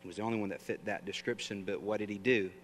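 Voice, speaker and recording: A man's voice: fairly low pitch, fairly even intonation, fast talker, fairly bright tone. A man preaching a sermon in a conversational way, often asking the audience questions. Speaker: pastor. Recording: long reverb, faint hum.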